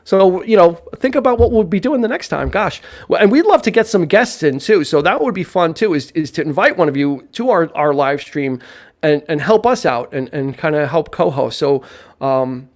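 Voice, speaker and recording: A man co-hosts a live film podcast in loose, rambling chat, often restarting his sentences and throwing in jokes. His voice sits a bit higher than most men's. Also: animated, moderate pace. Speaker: podcast co-host. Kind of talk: casual live-stream chat about films.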